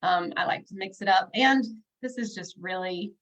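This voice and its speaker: On a livestream, a bookkeeper and business coach in her thirties talks straight to her viewers in a chatty, upbeat way, filling her speech with lots of fillers. She has a slightly bright, mid-range voice at an ordinary pace, captured in lo-fi sound.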